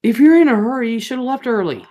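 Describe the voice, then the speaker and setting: A woman's voice: a little high, animated, fast talker, mellow. A woman hosting a casual livestream, chatting straight to her viewers in a rambling, talkative way. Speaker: livestream host.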